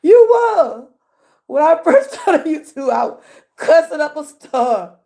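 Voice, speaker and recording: A woman's voice: high voice, big pitch swings, takes it slowly, mellow. A woman with a Southern US accent hosting a casual livestream, chatty, laughing often and talking back to her chat. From Georgia, US. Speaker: livestream host.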